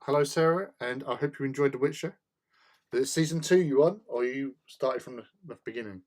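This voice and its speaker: A relaxed man talks his way through a model-building stream, greeting viewers by name and joking with them. His voice is mellow and dark, and he chats at an easy, middling pitch. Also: brisk. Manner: chatty, reads out and answers chat, jokey asides. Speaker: hobby stream host. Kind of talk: casual chat while building models.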